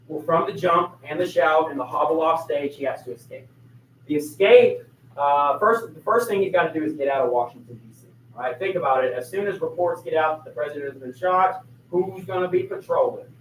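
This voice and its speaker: A man in a classroom lectures on history as a lively storyteller, often turning to ask his students questions. His voice sits slightly high for a man. The room is echoey, the mic is far off, and faint noise hums underneath. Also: a little fast. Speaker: teacher.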